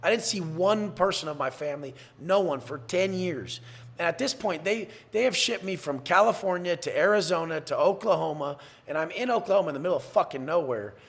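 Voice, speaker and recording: With a fairly high pitch and lively intonation, a San Diego man speaks a little fast while telling his life story as a podcast guest. The candid storytelling interview is blunt, full of free cursing and acted-out voices of others.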